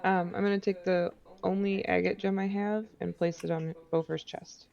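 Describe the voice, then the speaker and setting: A woman playing a tabletop game, calm and matter-of-fact. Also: lowish voice, moderate pace, creaky. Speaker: player. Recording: dull lo-fi audio.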